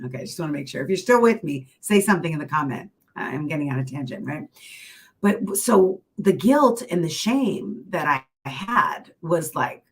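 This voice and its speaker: A middle-aged woman speaks in a low voice, chatting through a motivational talk. She sounds encouraging and conversational and keeps checking in with her listeners through friendly asides. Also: poor audio. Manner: chatty and encouraging, with many asides and filler phrases. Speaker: keynote mindset speaker. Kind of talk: casual motivational talk to an online audience.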